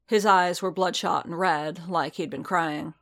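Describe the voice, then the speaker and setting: A woman reading fan fiction aloud as a steady, measured audiobook narrator. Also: fairly low pitch. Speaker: reader.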